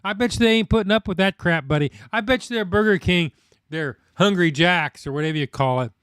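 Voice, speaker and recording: Folksy rambling man, clear dry voice. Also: high-pitched, fairly bright tone, no room sound. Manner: rambling, folksy, complains about fast food. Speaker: food live-stream host. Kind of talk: casual live-stream chat reading viewer comments.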